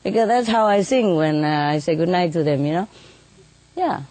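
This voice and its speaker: Woman with a slightly low voice telling stories about her birds, chatty and quick to laugh. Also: animated, a little mellow, no echo. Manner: chatty, laughs often, many "you know" tags. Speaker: bird keeper telling stories. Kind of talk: casual storytelling in an interview.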